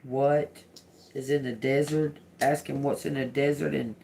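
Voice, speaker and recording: A man hosting a live psychic reading, slowly and haltingly repeating single words aloud as he interprets them. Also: mid-range voice, flat delivery, gravelly, darkish tone, a little hiss or hum. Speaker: livestream psychic reader. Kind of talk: live spirit-box and card reading.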